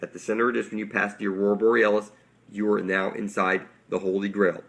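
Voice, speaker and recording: A man's voice: fairly low pitch, level tone, fast talker, gravelly, a bit bright. A man giving a rambling, intense, preachy monologue to his viewers, swearing often and calling them "people". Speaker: online conspiracy speaker.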